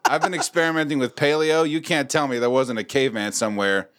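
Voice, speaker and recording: A man's voice: medium pitch, fairly even intonation, quick pace, a bit bright. A middle-aged man hosting a podcast, joking around and swearing freely in casual banter. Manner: profane, joking, loose delivery. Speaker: podcast host.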